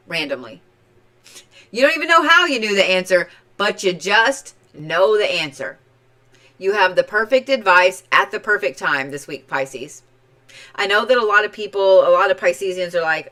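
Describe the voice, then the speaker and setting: A woman from Oklahoma with a slight Oklahoma accent, giving a chatty, playful zodiac reading on a live stream, swinging between loud and soft. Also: mid-range voice. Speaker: tarot and zodiac reader. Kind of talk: casual livestream reading.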